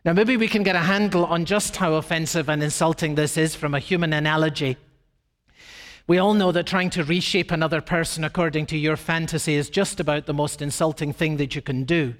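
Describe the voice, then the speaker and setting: A man preaching a sermon emphatically, with dramatic shifts in pace and pitch. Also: fairly even intonation, a little fast, fairly bright tone. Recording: long reverb of a large hall.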